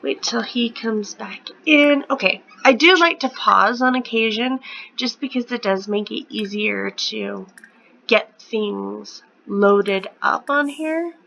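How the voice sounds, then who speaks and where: A woman's voice: on the high side, slow pace, creaky, pushed and bright, highs cut off. A woman in her thirties chatting casually at home while playing a life-sim game, often dropping into a whisper. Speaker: gaming vlogger. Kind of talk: casual gameplay commentary.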